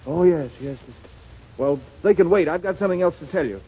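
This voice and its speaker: An actor in a 1930s radio drama playing a broke young actor who jokes, teases and stammers sheepishly. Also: male voice, a little high, fast, slightly rough. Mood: wry. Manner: wry, stammering, teasing. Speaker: struggling actor, husband. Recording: dull 1930s radio broadcast, light hiss.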